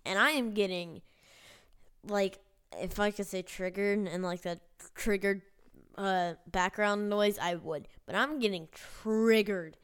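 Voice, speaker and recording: A woman telling a personal story on her vlog in a rambling, halting way, with casual swearing. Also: mid-range voice, steady tone, clean tone. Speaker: vlogger.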